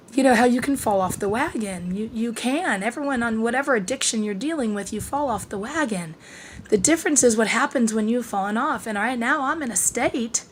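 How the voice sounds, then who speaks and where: Middle aged woman vlogging, out of breath, tired voice, swears a lot, bit of faint noise in the background. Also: mid-range voice. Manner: frank and confiding, swears freely, trails off and restarts. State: short of breath, voice worn. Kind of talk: candid personal vlog.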